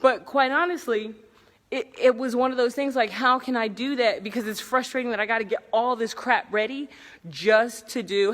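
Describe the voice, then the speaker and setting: A woman's voice: a little high, moderate pace, a bit bright, long reverb tail. A woman coach talking casually and bluntly to viewers in a live video, cursing freely and laughing often. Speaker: speaking coach. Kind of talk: casual livestream talk to viewers. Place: hotel conference room at night.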